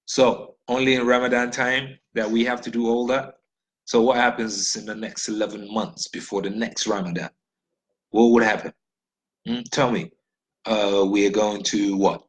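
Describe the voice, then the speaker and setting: A man's voice: mid-range voice, steady tone, measured pace, pauses often, low-quality recording. A man from Nigeria delivering an impassioned, blunt monologue, swearing freely and firing off rhetorical questions. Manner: blunt, profane, ranting.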